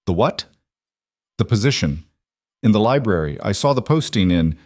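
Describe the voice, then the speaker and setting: A man's voice: fairly low pitch, expressive, normal speed, no room sound, clean studio sound. A man voicing a bold, desperate young woman who answers back sharply. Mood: defiant. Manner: sharp, defiant retorts.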